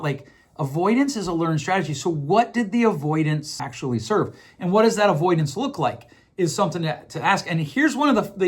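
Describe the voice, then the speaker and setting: Conversational man, slightly high voice. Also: slightly rough. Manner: conversational, repeats words while thinking, acts out quoted voices. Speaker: podcast host. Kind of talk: casual explanatory monologue.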